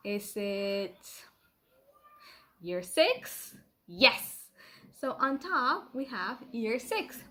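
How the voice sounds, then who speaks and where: A middle-aged woman teaching a children's language lesson in a playful, patient way, repeating words slowly for pupils to copy. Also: a little high, big pitch swings, bright, forceful tone. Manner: playful, laughs at herself.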